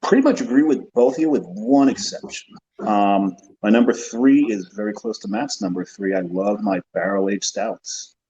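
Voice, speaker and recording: Man, low and mellow, easygoing co-host, lo-fi remote line. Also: animated, moderate pace, a little hiss or hum. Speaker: podcast co-host. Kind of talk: casual chat over beers. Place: remote call from another state.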